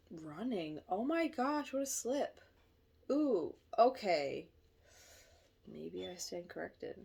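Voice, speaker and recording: Lively, chatty woman reading tarot. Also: fairly low pitch, creaky, breathy edge. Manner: chatty, laughs often, apologizes and corrects herself mid-sentence. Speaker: tarot reader.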